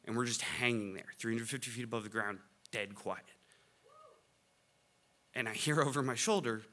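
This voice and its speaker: A middle-aged man with a very bright, forceful voice tells a funny family story live on stage. His delivery is animated, jumping from quiet asides to loud exclamations. The pitch sits in an ordinary middle range. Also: normal speed, long pauses. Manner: animated, comic, bursts of loud excitement. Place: stage before a live audience.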